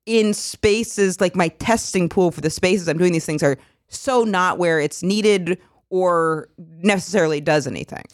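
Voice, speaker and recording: A woman's voice: on the low side, unhurried, no room sound. Chatty woman host, dry close sound. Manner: chatty, animated storytelling with swearing and laughter. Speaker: podcast host. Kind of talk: casual chat.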